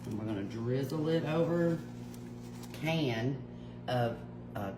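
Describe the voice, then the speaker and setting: Woman, very low voice, folksy cooking demo, roomy echo, steady hum. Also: slow pace. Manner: easygoing, folksy step-by-step explaining. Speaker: home cooking video host. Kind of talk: cooking demonstration. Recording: echoey kitchen with humming noise.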